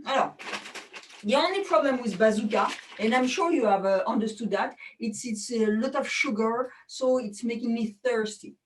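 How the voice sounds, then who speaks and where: A woman's voice: a little high, normal speed, distant mic, a little hiss or hum, rough recording. A woman from France with a French accent, doing chatty, self-mocking magic show patter over a video call.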